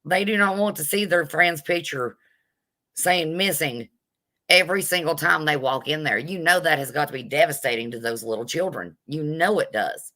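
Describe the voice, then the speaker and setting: A woman's voice: sits low, moderate pace, sharp tone. A woman doing a live commentary rant, greeting her viewers between blunt, indignant remarks. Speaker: vlogger.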